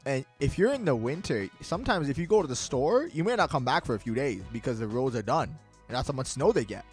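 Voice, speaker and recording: A man's voice: mid-range voice, sing-song, quick pace, soft background music. A young man from Ontario in casual chat, telling stories animatedly, acting out quotes and laughing often. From Ontario, Canada.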